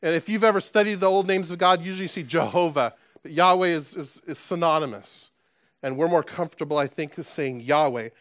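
A man's voice: a little high, fairly quick, a bit bright, dry recording, clean studio sound. A man preaching a sermon in an earnest, emphatic way, asking his listeners rhetorical questions. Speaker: pastor.

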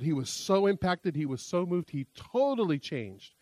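A man's voice: sits high, very animated, moderate pace, hardly any pauses, a little mellow, dry recording. A man preaching a sermon as pastor, a chatty, self-deprecating storyteller who often restarts his sentences.

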